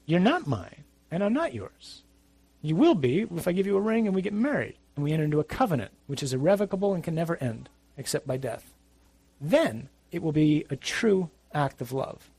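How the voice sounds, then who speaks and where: A man's voice: medium pitch, darkish tone, breathy edge, dry recording. A middle-aged man, a priest, giving a conversational, emphatic sermon with asides.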